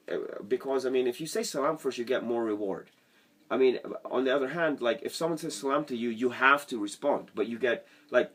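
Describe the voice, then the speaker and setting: A man giving a casual, rambling sales lesson to camera from his basement apartment and often drifting off on tangents. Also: mid-range voice. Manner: rambling, chatty, goes off on tangents. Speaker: sales trainer.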